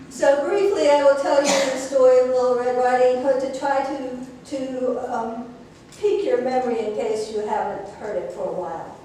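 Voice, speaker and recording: In a church sanctuary, a woman minister tells a fairy tale as her sermon, playful and chatty with the congregation. Her voice is fairly high. It's recorded from far off in an echoey hall with a noisy background.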